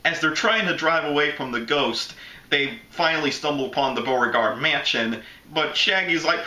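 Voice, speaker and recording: Bright-voiced Southern man reviewing a cartoon. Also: fairly high pitch, normal speed. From Florida, US. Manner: chatty, jumps into goofy impressions. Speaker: movie reviewer. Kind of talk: casual video commentary. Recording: echoey room.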